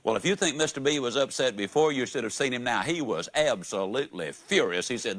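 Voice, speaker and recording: A man giving a motivational talk that tells a story with animated swings in his delivery. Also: brisk, hardly any pauses. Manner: animated storyteller with big swings in pitch and loudness. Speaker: motivational speaker.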